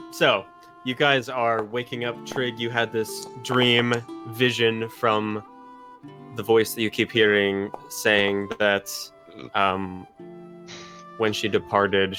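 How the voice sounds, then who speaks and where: A man's voice: lowish voice, level tone, takes it slowly, bright, forceful tone. Chill guy dm, jokey and loose, some guitar music under him. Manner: laid-back, joking, fillers. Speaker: dungeon master. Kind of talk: casual game narration and chat.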